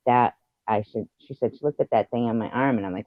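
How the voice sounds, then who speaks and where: A man's voice: mid-range voice, fast, no room sound. A man hosting a livestream in a casual chat, rambling with many fillers and loose swearing. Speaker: livestream host. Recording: dry, dull lo-fi stream audio.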